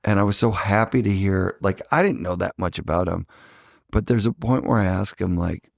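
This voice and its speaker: A man's voice: low-pitched, normal speed, creaky. Easygoing male podcast host. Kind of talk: casual interview chat.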